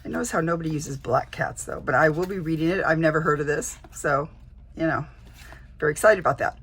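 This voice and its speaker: A woman with a lowish, husky voice talks to her camera at home in a loose, rambling way. She keeps restarting her sentences and reaching for fillers as she shows off crafts. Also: a little fast, a bit bright. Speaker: junk journal vlogger. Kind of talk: casual show-and-tell chat.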